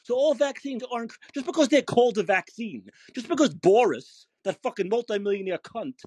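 Profane ranting man, high lively voice. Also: a little fast, hardly any pauses, husky, no echo. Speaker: podcast host. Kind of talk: angry call-in show rant.

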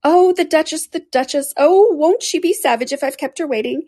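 Woman reading a fretful, late male rabbit, squeaking high and urgent. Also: fairly quick, warm tone, natural voice. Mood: frantic. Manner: frantic muttering. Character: anxious, hurried male white rabbit. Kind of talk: storybook reading.

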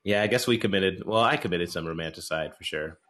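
A man's voice: deep voice, gravelly, bright, forceful tone. Teasing man hosting a podcast. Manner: joking, teasing, swears freely. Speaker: podcast host. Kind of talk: casual chat.

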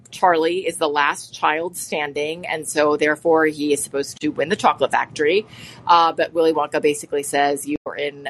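A woman giving a casual spoken lesson, talking in an earnest, rambling way with many ums and restarts. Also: sits low. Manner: earnest, easily moved. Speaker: presenter explaining literature.

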